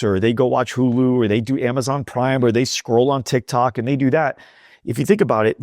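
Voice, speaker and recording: A man who is a podcast guest, telling a rambling, animated story in casual chat at the host's home. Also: mid-range voice, no room sound, clean studio sound.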